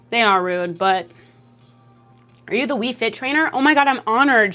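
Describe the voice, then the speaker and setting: A young adult woman livestreaming at home into a desk mic, chatting casually and reacting to chat comments in a lively, jokey way. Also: normal speed, faint music behind. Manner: lively, jokey, reacts to chat with laughs and big pitch jumps. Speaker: streamer.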